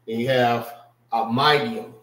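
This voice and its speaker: Slow-talking man teaching a class, echoey room. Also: mid-range voice, fairly even intonation, fairly bright tone. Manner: slow, explanatory, repeats "all right" and checks on students. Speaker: class instructor.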